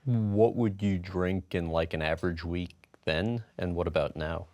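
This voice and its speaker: A male interviewer asking calm, measured questions. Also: low voice, dry recording. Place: guest's studio.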